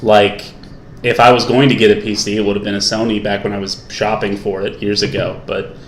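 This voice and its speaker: A young man co-hosting a casual podcast, making dry jokes with halting restarts, recorded on a cheap USB mic. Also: lowish voice, little pitch movement. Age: young adult. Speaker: podcast co-host. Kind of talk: casual chat. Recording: echoey home room, faint hiss.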